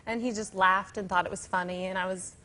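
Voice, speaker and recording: A woman's voice: mid-range voice, fairly even intonation, fairly quick, bright, forceful tone. A woman telling a breezy, casual story as an interview guest. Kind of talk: anecdote in an interview.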